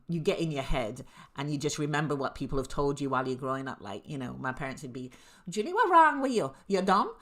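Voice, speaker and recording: Very low-voiced woman telling her story. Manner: candid storytelling, laughs often. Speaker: co-host. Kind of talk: casual chat.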